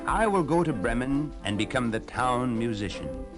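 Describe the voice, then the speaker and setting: A man's voice: medium pitch, expressive, normal speed, music in the background, voice pushed up, lightly acted. A man voicing a cheerful, hearty old male donkey in a storybook record. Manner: hearty and coaxing.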